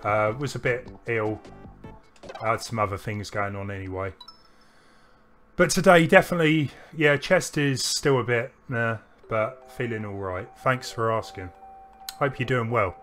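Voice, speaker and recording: A streamer co-host talks at a measured pace in a mid-range, slightly bright voice, with faint music in the background. Chatting casually as he games, he wanders from point to point, restarts frequently and laughs along the way.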